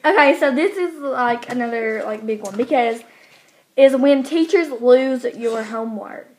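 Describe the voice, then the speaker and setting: A woman's voice: on the high side, a little slow. A teenage girl chatting casually as a vlogger, rambling and hesitant with many restarts. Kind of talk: casual chat.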